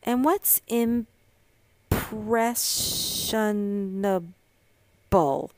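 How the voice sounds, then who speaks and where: A woman voicing an excitable, scheming little girl who talks eagerly and a bit whiny in a storybook reading. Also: mid-range voice, drawn-out words, no room sound. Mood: excited.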